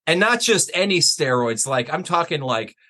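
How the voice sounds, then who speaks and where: A man's voice: a little high, big pitch swings, moderate pace, pushed and bright. A man talking as a guest on a business podcast, chatty and loose, full of "like" and "you know". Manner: casual, lots of "like" and "you know". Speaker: guest, wealth manager. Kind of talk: casual interview.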